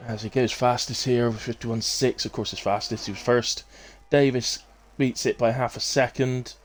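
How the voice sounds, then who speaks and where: A man's voice: mid-range voice, moderate pace. Chatty West Country man commentating a race. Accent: West Country English. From England. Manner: chatty, relaxed, with frequent fillers and self-corrections. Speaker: sim racing commentator and streamer. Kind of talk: live stream race commentary with chat reading.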